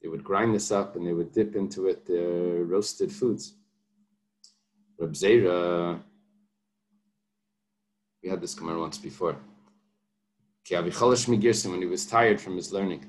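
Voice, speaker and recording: Low-voiced man teaching Talmud. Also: unhurried, pauses often, slight background noise. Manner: translates Aramaic line by line, explains patiently. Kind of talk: daf yomi Talmud class.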